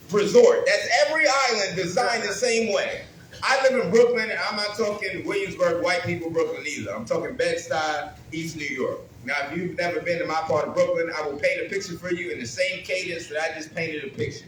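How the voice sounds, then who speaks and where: Brash high-voiced man doing stand-up. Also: a little fast, a little hiss or hum. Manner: brash, crude and animated, builds rhythmic lists. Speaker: stand-up comedian. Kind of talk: stand-up comedy set. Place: comedy club with a live audience. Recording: roomy club with crowd laughter.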